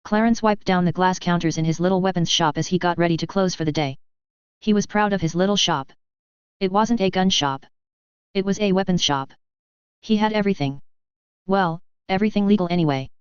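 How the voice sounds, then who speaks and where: A woman's voice: lowish voice, fairly quick, clean tone, dry recording. A woman reading a comedic science-fiction story aloud, voicing the characters and their howls herself. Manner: reads dialogue with small voice shifts, howls aloud. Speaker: narrator. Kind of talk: comedic sci-fi story narration. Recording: dull lo-fi dry recording.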